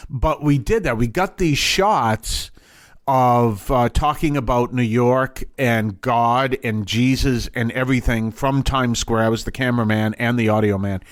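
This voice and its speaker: A man's voice: mid-range voice, unhurried, no room sound, clean studio sound. A man hosting a podcast, telling stories in a casual, rambling way with restarts and chuckles. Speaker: podcast host. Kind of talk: casual storytelling.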